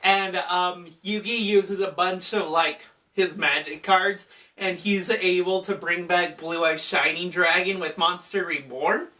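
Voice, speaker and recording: A man's voice: high voice, steady tone, unhurried, bright, forceful tone, far from the mic. A man casually recapping an anime movie, chatty with fillers like "uh" and "like". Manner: chatty, with frequent fillers and laughs. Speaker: anime commentator.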